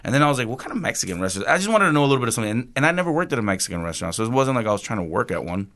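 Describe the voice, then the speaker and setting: A man, a chef, telling a story casually on a podcast, animated and swearing, acting out quotes with laughs. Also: mid-range voice, rapid-fire. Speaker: chef guest.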